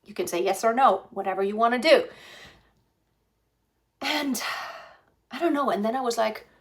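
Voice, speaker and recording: Talking casually into a phone set on a stand, this vlogger in her fifties rambles through a personal story for her pregnancy vlog. Her pitch leans high, her speed is normal, and she often restarts and uses fillers.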